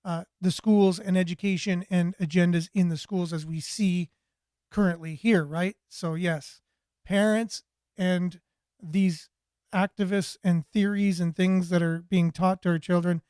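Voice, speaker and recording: Male host, higher voice, dry close sound, rambling and repeating himself while reading viewer comments. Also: darkish tone, smooth, no room sound. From Canada. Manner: rambling, repeats words and restarts. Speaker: talk show host.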